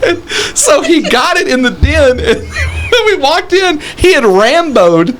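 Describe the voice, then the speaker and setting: A man's voice: extremely high pitch, measured pace, a little hiss or hum. A young man from Texas, co-hosting a podcast and telling funny stories in casual chat, often laughing as he talks. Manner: animated, laughs through his stories. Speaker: podcast co-host.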